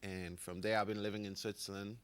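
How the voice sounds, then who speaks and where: A man's voice: fairly low pitch, little pitch movement, a little fast, smooth. A man in his forties from the Seychelles with an American accent, a coach chatting easily as a guest and laughing often. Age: 40s. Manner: easygoing, laughs often, talks in short pieces. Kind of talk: casual chat interview.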